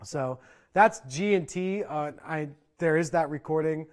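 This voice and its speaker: A man teaching percussion in an online clinic, explaining in a relaxed conversational way and often checking in with "right?". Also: fairly high pitch, a little slow. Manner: conversational, frequent "right?" check-ins and fillers. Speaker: percussion instructor.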